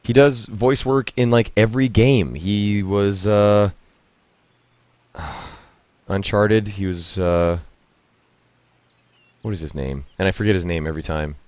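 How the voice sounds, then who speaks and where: A man chatting casually as he plays a game, laughing often and reacting out loud to the action. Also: on the low side, takes it slowly, long pauses, no echo. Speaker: streamer and host. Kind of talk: casual gameplay commentary.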